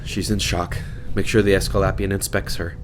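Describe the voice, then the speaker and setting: A man voicing a cool-headed, weary woman captain who gives low, measured commands. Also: flat delivery, music in the background, natural voice. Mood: firm.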